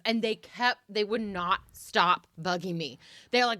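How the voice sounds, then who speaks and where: A woman who works as a medium, chatting as a podcast guest and telling lively stories, acting out what spirits say. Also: mid-range voice, normal speed, no room sound. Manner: animated storyteller who acts out spirits' voices. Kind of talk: casual chat.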